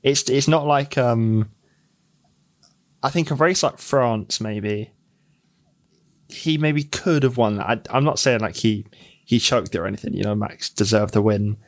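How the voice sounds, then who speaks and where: A man co-hosting a casual podcast, talking in a measured, thoughtful way with stammered restarts. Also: medium pitch. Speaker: podcast co-host. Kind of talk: casual chat.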